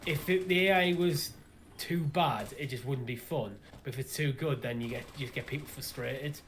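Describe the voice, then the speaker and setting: A man co-hosting a gaming livestream, agreeing easily and thinking out loud about game design. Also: medium pitch, normal speed, a little hiss or hum. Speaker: livestream co-host. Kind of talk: casual gaming chat.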